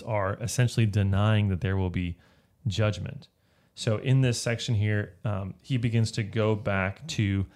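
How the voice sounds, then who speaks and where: Male Bible teacher, low gravelly voice, conversational and explanatory. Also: darkish tone. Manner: explanatory, checks in with frequent "right?". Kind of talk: casual Bible study teaching.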